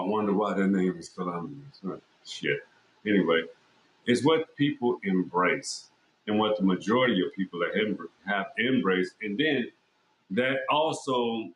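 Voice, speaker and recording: Recorded in an echoey room with a little hiss or hum, this man's voice is on the low side and a bit bright. He's hosting a podcast, rambling through a casual monologue that's blunt, profane and full of fillers and false starts.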